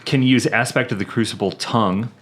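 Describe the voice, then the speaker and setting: A man's voice: mid-range voice, brisk, background noise. A laid-back man co-hosting a gaming podcast, reading game text aloud, swearing casually and stumbling over words. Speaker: podcast co-host.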